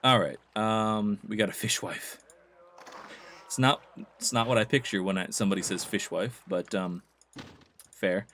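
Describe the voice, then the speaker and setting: A man's voice: on the low side, a little slow, pauses often, a bit bright, slight background noise. A man giving casual, chatty commentary while playing a video game, with amused asides. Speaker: let's play host.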